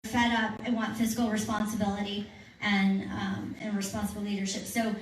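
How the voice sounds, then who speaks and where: Fielding questions at a petition workshop, a woman of medium pitch speaks at a moderate pace in a level tone, persuasive and earnest, with frequent restarts. The recording is distant, echoey, and carries a faint hum.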